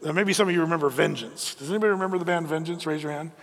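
A middle-aged male pastor delivers a loose, conversational sermon in a high-pitched voice. He restarts his sentences often and keeps the energy animated. The recording carries the long reverb of a church hall. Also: racing.

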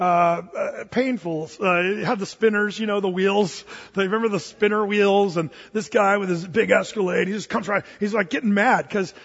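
A man preaching a sermon as pastor, telling stories in a lively way, with many restarts and fillers. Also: high-pitched, husky, long reverb tail, dull audio.

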